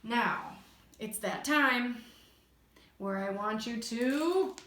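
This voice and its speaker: A middle-aged woman speech therapist giving a recorded lesson to children, gently modeling phrases in an exaggerated sing-song way. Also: on the high side, slow, pauses often. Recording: echoey room.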